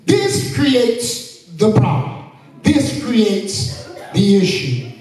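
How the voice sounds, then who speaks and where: A man's voice: high voice, sing-song, extremely slow, darkish tone. A male pastor preaching a sermon, telling a story and then driving home his point with emphatic, sing-song delivery. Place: church sanctuary. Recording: echoey church from far off.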